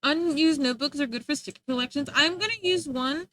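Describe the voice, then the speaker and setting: A young woman streamer in casual chat, slangy and animated with lots of filler words, talking into a desk mic. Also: sits high, fairly quick.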